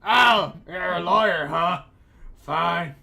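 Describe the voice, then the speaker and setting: A streamer voicing a gruff, impatient male prison guard who barks curt orders, during a game playthrough. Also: medium pitch, takes it slowly, bright, forceful tone, soft background music, voice pushed up, exaggerated voice. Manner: barking, curt.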